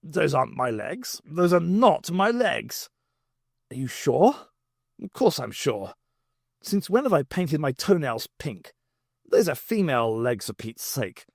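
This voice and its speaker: A man doing a gruff, clipped army brigadier. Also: mid-range voice, sing-song, a little mellow, no room sound, studio quality, exaggerated voice. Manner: gruff, clipped, slow and deliberate. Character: gruff stiff middle-aged military brigadier.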